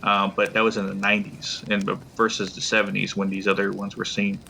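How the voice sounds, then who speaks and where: Guy rambling thru a story on a podcast, kinda bright tone, lowish voice. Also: completely flat delivery, brisk, gravelly, slight background noise. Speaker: podcast guest. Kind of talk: casual podcast chat.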